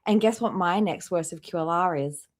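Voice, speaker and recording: A woman's voice: lowish voice, moderate pace. A woman hosting a live stream, mocking and swearing as she comments on clips in a casual, blunt way. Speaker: livestream host reacting to clips.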